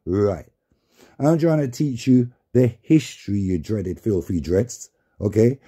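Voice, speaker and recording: Brief: man vlogging, heated preachy rant, deep mellow husky tone. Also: expressive, slow pace. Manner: heated, repetitive, profane, preaching. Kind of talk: angry rant to camera.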